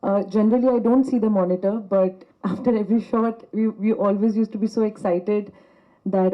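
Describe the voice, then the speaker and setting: A young actress from Punjab, giving a grateful, effusive stage speech at a press event, laughing between phrases. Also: female voice, a little high, fairly even intonation, a little fast. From Punjab, India. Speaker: actress at a trailer launch. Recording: dull lo-fi event audio.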